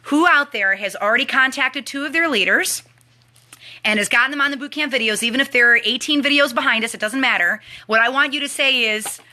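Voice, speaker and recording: A woman's voice: sits high, fairly quick. A young woman chatting animatedly as she hosts a live team training stream. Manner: chatty and animated, talks to viewers. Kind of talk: casual live-stream chat.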